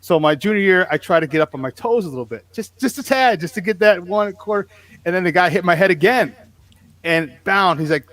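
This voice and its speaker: Animated, higher-voiced man telling stories. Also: a little fast. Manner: animated storyteller, acts out quotes, swears freely. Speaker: podcast co-host, former player and coach. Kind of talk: casual sports chat.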